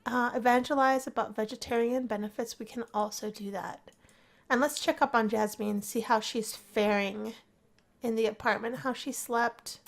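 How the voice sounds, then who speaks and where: A woman talks her way through a life-simulation game in a casual, chatty commentary. Her voice sits a little high, and she gets excitable and gushing over the story as it unfolds. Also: moderate pace. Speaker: gameplay narrator. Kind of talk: casual let's play commentary.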